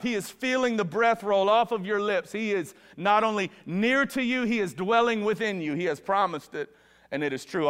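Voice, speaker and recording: A male pastor preaching a sermon with fervor, his voice swinging from hushed lows to loud, ringing peaks. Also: clear, resonant tone. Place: church sanctuary. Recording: long reverb of a large hall.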